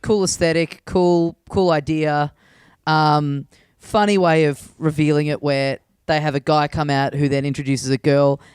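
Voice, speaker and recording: A man co-hosting a comedy podcast from a remote call, giving measured opinions with many hesitations. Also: on the high side, fairly even intonation, a little mellow, smooth, dry recording. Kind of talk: casual chat.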